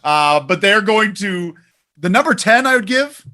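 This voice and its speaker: Bright-voiced laid-back male co-host. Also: sits high, expressive, measured pace. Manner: laid-back, reads listener comments, chuckles often. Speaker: podcast co-host. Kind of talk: casual wrestling podcast chat.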